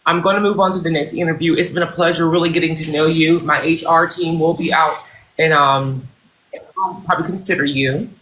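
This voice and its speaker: Man as a bright, mock-formal CEO. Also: fairly high pitch, steady tone, a little hiss or hum. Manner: mock-formal, unhurried, slips into thanking viewers. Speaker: livestream host. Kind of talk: role-play job interview as a boss and CEO. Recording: roomy echo, faint clicks.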